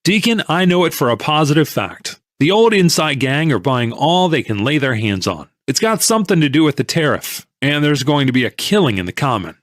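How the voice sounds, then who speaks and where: A man voicing an excitable, pushy male stock tipster in an audiobook, pressing his point insistently. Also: on the high side, brisk, few pauses, no room sound, clean studio sound.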